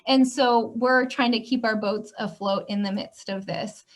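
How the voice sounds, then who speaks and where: A woman from Minnesota with a Minnesota accent, a school counselor explaining parenting strategies gently, often adding 'um' and 'right?'. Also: a little high, steady tone, a little slow. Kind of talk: parenting presentation.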